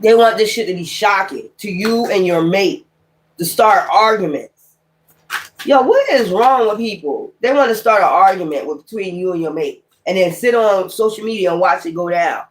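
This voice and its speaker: A woman's voice: medium pitch, animated, normal speed. Blunt, profane woman reading tarot. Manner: slangy street talk, rambling. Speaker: tarot reader. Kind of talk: casual tarot card reading.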